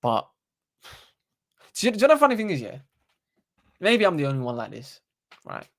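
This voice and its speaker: A young man, hosting a casual live stream into a desktop microphone and talking in an animated, slangy, sweary way. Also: fairly high pitch, normal speed, gravelly. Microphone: desktop USB microphone.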